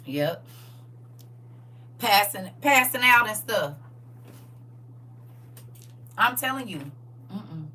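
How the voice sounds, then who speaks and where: A woman's voice: mid-range voice, very slow, long pauses, distant mic. A middle-aged woman hosting a live stream, chatting casually and laughing a lot. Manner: animated, laughing, exclaiming. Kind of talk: casual chat.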